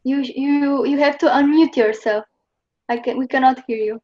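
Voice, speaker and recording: This online pronunciation lesson features a Slovenian woman teaching Chinese, patiently going over each sound repeatedly. Her voice is high and darkish, with fairly even intonation and a moderate pace. Audio comes through a muffled video call.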